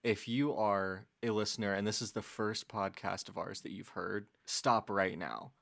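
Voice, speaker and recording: A woman's voice: extremely low pitch, steady tone, moderate pace, vocal fry. A young woman co-hosting a casual podcast, playful and teasing, often breaking into laughter. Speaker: podcast co-host. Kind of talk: casual comedic chat.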